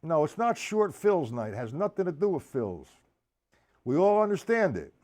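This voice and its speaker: A man's voice: fairly high pitch, big pitch swings, normal speed, a little mellow, a little hiss or hum. A man teaching a live-streamed drum lesson, counting beats aloud and calling on his students by name. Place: drum studio indoors. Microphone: live stream microphone. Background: drum playing.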